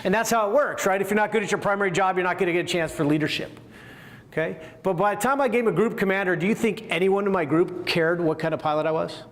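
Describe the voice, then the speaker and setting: A man's voice: high-pitched, quick pace. A middle-aged man, a former Air Force group commander, giving a conversational leadership lecture and asking the audience questions. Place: room with a seated audience. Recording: long hall reverb.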